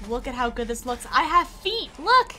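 Casting: high, lively female streamer, chatty and excitable, laughs a lot. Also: normal speed, a little hiss or hum. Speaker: gaming streamer. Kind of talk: casual live gameplay commentary.

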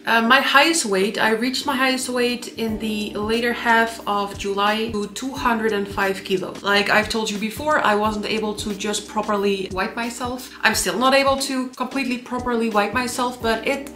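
A woman's voice: on the high side, steady tone, normal speed, few pauses, sharp tone. A young adult woman talking candidly to camera in a personal vlog, open and confessional, with many fillers. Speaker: vlogger.

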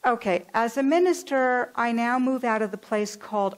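A woman minister from California giving a sermon, telling a personal story with lively acted-out voices. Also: on the high side, moderate pace, few pauses, rough recording. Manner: animated, acts out voices in her stories. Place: church.

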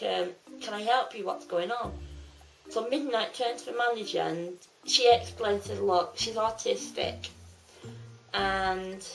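A woman tells a story to the camera in a casual, rambling way, stopping and restarting as she goes. Her voice has a gravelly edge, and faint music plays in the background. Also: medium pitch, rough recording. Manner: rambling retelling with restarts and fillers. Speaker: vlogger.

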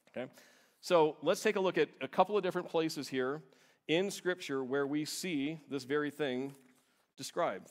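A man, a pastor, preaching a sermon in a church in a conversational, explaining way, stressing key words. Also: on the high side.

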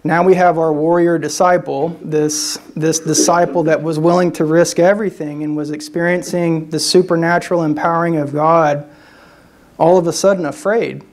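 A man serving as a guest speaker delivers a sermon in a fairly high, darkish voice with a level tone at normal speed. His preaching is conversational, with frequent restarted phrases and "right?" tags to check in with listeners.

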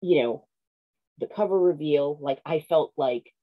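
A woman picture book author, a guest on an interview, telling stories in an excited, animated way with lots of fillers. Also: deep voice, unhurried, muffled recording. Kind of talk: casual video-call interview.

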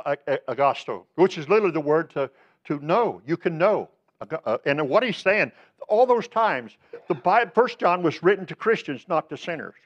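A man's voice: high-pitched, dull audio. A male pastor preaching a sermon, emphatic and repetitive, pressing points home with direct appeals to the congregation.

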